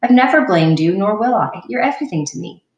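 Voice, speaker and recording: A woman reading a gentle, caring mother. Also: medium pitch, expressive, quick pace, natural voice. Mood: tender. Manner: gentle, reassuring, firm when pressed. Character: caring middle-aged mother comforting her daughter. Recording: roomy sound from a distant mic.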